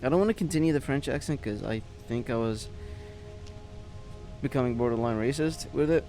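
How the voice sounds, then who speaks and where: A man's voice: mid-range voice, lively intonation, fairly quick, long pauses, mellow, soft background music. A man hosting a let's play, chatting casually as he plays and reading game text aloud. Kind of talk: casual gameplay commentary.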